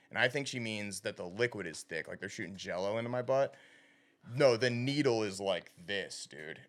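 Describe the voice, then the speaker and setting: Animated man telling a story. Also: fairly low pitch, moderate pace. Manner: animated, swears freely, laughs through his own punchlines. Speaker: podcast co-host. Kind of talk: casual storytelling chat. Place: recording studio.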